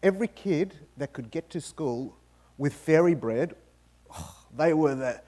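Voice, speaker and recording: Animated Australian man, joking storyteller. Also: a little high, unhurried. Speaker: guest speaker. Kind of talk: lively talk to an audience. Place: university auditorium.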